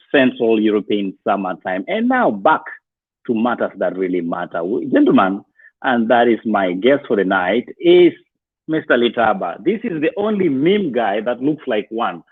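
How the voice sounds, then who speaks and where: A man co-hosting an online show, measured and announcer-like as he introduces his guest. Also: on the low side, slightly rough, no echo. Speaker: co-host. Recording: dry, phone-like line.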